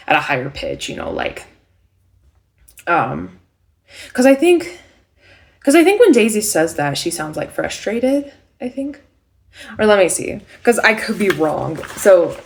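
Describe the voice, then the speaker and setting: Rambling young woman with a gravelly voice. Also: fairly low pitch. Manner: rambling, filler-heavy, self-correcting. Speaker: vlogger. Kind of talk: casual vlog chat.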